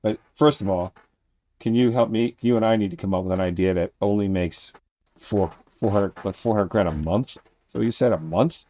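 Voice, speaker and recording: A man's voice: fairly low pitch, moderate pace, dark tone, no echo. A man hosting a podcast, chatting loosely with his guest and asking questions. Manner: loose, chatty, with restarts and filler. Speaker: podcast host. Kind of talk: casual interview chat.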